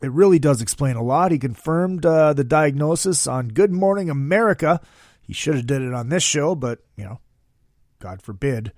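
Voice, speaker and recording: A man hosting a casual podcast, talking in a profane, excitable, jokey way. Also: fairly high pitch, moderate pace, dry recording, studio quality. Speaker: podcast host.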